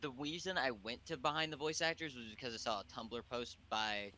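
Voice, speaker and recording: A man's voice: mid-range voice, fairly quick, pushed and bright, a little hiss or hum. A man on a casual podcast call, rambling as he explains how he got started. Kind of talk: casual group chat on a call.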